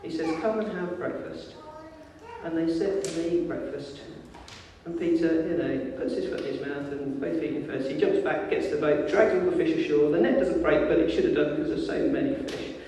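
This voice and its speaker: Lively storyteller preacher in an echoey hall. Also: male voice, on the high side, brisk, far from the mic. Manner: lively informal storytelling, acting out voices. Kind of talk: sermon. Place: church.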